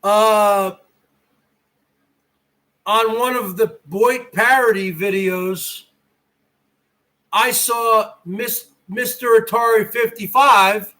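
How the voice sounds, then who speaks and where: A man hosts a livestream from his garage, ranting at his chat in a taunting, profane way. His voice sits very high for a man. The tone is bright and sharp, and he drags his words out slowly. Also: fairly even intonation, low-quality recording. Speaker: livestream host. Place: home garage.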